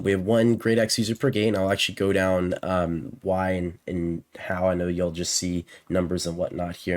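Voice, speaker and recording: A man's voice: sits low, darkish tone. A man explaining game strategy in a casual, rambling way, with many fillers and self-corrections. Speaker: game guide creator and shot caller. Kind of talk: casual gameplay strategy walkthrough.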